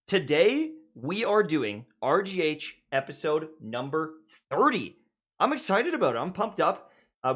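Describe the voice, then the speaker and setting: Male podcast co-host, hyped and chatty; high, sharp tone, very animated pitch. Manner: upbeat, hyped show-opener delivery. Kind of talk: casual gaming podcast chat.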